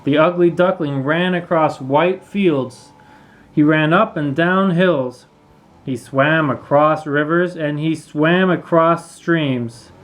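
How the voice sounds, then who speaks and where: A man reading a children's storybook aloud, clear and expressive. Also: fairly high pitch, slow, poor audio. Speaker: storybook reader.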